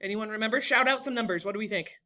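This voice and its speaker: A woman's voice: medium pitch, rapid-fire, bright, forceful tone. A young woman teaching a classroom lesson, encouraging and talking to students by name.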